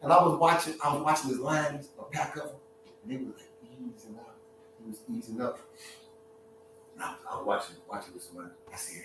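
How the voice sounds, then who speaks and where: A man's voice: mid-range voice, fairly even intonation, fairly quick, background noise. A man, hosting a casual live-stream monologue, joking and laughing often and acting out voices. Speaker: social media talk host. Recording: echoey room, far from mic.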